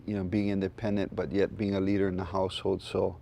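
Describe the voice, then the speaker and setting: A man's voice: low voice, little pitch movement, fast talker, gravelly, dark tone. A man, a comedian guest sharing an earnest testimony with dry, self-deprecating jokes. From Hawaii. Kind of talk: candid testimony in a chat.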